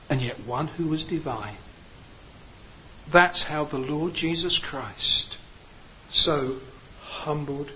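A man preaching a sermon, rising to emphatic peaks and then dropping low and slow. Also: bright, forceful tone, lo-fi sound.

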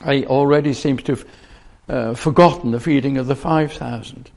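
A man's voice: medium pitch, normal speed, gravelly, darkish tone. A man preaching a sermon, earnest, often restarting and repeating phrases as he explains a Bible passage.

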